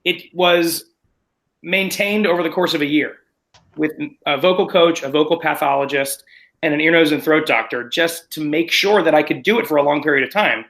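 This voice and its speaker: A man, a stage actor, chatting in an interview in an animated, self-deprecating, rambling way. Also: on the high side, moderate pace, low-quality recording. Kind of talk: casual interview chat.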